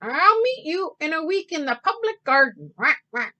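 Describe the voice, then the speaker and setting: A woman's voice: high-pitched, sing-song, moderate pace, pushed and bright, lo-fi sound, voice pushed up, heavily acted. A woman voicing a father duck heading off on a trip, in a raised, cheery, quacking storybook voice.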